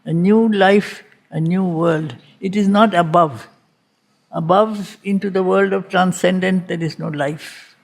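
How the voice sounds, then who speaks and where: Woman teacher, reading-group lecture, unhurried, repeats lines for weight, gravelly tone. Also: lowish voice, steady tone, a little mellow. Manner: deliberate, repeats phrases for emphasis. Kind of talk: slow spiritual lecture on poetry.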